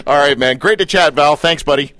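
Teasing radio host. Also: male voice, a little high. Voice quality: teasing, playful, deadpan jabs. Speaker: radio talk show host. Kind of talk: comedic radio talk.

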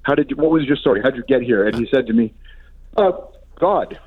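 A man talks fast and tells his stories with animation, in an easygoing radio conversation. The sound is a little dull and lo-fi, like a radio broadcast. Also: medium pitch, husky. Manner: storytelling, quick and animated. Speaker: guest. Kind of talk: casual radio chat.

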